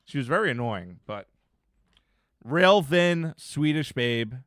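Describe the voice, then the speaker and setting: Man, 30s, streamer, casual rambling chat, smooth clear tone, dry close sound. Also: fairly high pitch, lively intonation, slow, no echo. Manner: rambling, laid-back, trails off quietly, laughs often.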